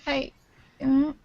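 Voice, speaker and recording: A woman's voice: sits high, a bit bright. A woman playing a tabletop role-playing game, bubbly and giggly. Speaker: player. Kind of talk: casual tabletop game talk. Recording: dull lo-fi mic.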